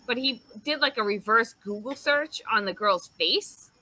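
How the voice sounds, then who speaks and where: A woman's voice: on the high side, a little slow, no room sound, low-quality recording. A woman co-hosting a casual podcast, retelling a story with lots of swearing and acted-out quotes. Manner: animated storyteller, swears freely, acts out quotes. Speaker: podcast host.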